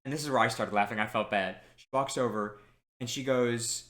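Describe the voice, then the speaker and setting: Young guy podcast cohost, bright tone, acts out all the people in his story. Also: medium pitch, brisk. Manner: animated anecdote-telling, quoting people in dialogue. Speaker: podcast co-host. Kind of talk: casual storytelling chat.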